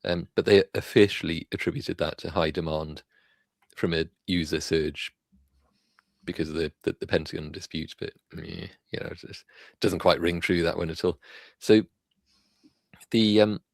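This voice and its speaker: A man with a very deep, gravelly voice hosts a live science and tech news stream. He chats casually and rambles, restarting his sentences often. The sound is close and dry. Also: steady tone, moderate pace, dry recording. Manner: rambling, many fillers and restarts. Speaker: livestream host.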